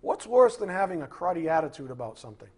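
A middle-aged man preaching with a husky voice, firing off rhetorical questions and swinging from loud outbursts to hushed asides. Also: fairly high pitch, very animated, fast talker. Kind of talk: sermon.

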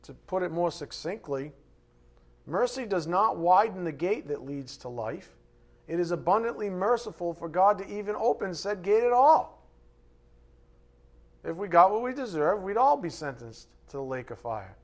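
A male preacher with a slightly higher voice delivers a sermon. He jumps from forceful, raised lines to low, quiet asides, and keeps throwing rhetorical questions at his congregation. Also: moderate pace. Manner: animated, swings from loud emphatic bursts to quiet asides. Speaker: pastor.

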